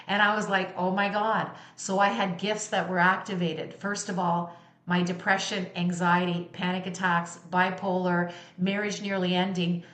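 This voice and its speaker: A woman's voice: lowish voice, a bit bright, reverberant. A middle-aged woman giving a motivational talk as a sound healer, speaking candidly and emphatically, with blunt swearing.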